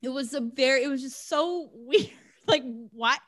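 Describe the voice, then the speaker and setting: A woman's voice: sits high, moderate pace, no room sound. Woman podcast co-host, sarcastic, swearing, dry close sound. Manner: sarcastic, swears, acts out characters' lines. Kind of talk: casual chat recapping a movie.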